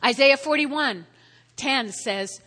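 A woman's voice: high voice, slow, pushed and bright. A woman pastor preaching a conversational sermon, often checking in with her listeners and repeating key phrases for emphasis. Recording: long reverb of a large hall.

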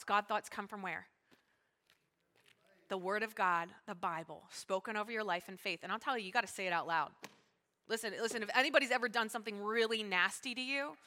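Fast, emphatic woman preaching in a hall. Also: medium pitch, bright, forceful tone. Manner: fast-talking, emphatic, calls out to the congregation. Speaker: pastor. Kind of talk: sermon. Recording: long hall reverb.

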